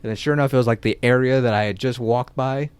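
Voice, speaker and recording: A young man on a podcast telling a story casually, loose and animated, full of filler words and swearing. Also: medium pitch, fast talker, clear, resonant tone, dry recording. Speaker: podcast co-host.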